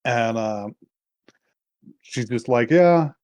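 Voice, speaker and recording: Casual podcast co-host, male, mid-pitched, loose rambling delivery, a bit of swearing, dry close sound. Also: expressive, moderate pace, a little mellow, no echo. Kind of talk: casual anime recap chat.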